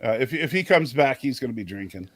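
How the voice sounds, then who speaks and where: Speaking fast with lively intonation, this mid-range male voice comes through a dry recording. He hosts a livestream, loosely discussing a show with chat, ribbing his co-host and tripping over restarts.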